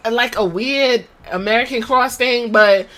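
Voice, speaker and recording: A woman with a slightly high voice hosts a podcast and recaps a wrestling show in loose, casual talk. She swears freely and tells the story with lively energy, slipping into quick impressions of the people she describes. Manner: profane, animated storytelling with quoted impressions. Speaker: podcast host.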